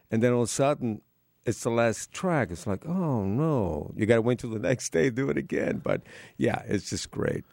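Gravelly, lively-voiced man. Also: medium pitch, no echo, clean studio sound. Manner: enthusiastic, halting with fillers. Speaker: musician guest. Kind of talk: casual interview chat.

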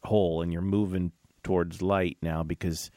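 A male host with a fairly low voice asks gentle, reflective questions. His sound is dry and close. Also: level tone, moderate pace, no echo. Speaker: interview host. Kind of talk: conversational interview.

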